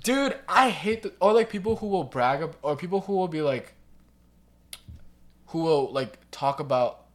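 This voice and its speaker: A man's voice: on the high side, lively intonation, moderate pace. A teenage boy chatting casually, ranting about people at school and mimicking them in exaggerated voices, with lots of fillers. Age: teens. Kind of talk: casual chat.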